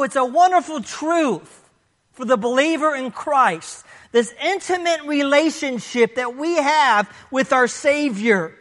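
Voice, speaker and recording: Preacher with a high voice going from booming to hushed, reading scripture, echoey church hall. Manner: emphatic, swings from loud declarations to hushed low passages; reads scripture aloud between points. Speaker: pastor. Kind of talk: sermon.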